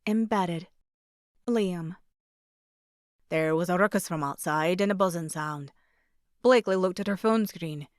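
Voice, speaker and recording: A woman narrating a romance audiobook in a measured, expressive reading voice. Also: mid-range voice, dry recording, studio quality.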